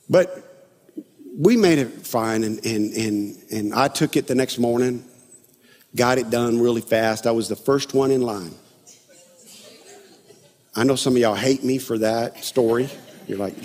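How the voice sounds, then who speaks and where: Middle-aged male pastor, high husky voice, self-deprecating storyteller, recorded in a reverberant church hall. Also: unhurried, long pauses. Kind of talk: sermon. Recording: long reverb of a large hall.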